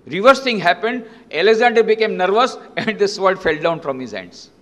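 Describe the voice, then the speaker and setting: A man's voice: high voice, animated, normal speed, a bit bright. A man telling a story dramatically and emphatically during a lecture to an audience. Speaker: monk lecturer. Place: lecture hall. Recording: long reverb in a lecture hall.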